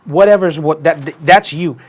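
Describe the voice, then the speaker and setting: Animated man telling a story. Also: on the high side, normal speed. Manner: animated, acts out quoted people in a raised voice. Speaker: podcast host. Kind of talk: casual storytelling chat.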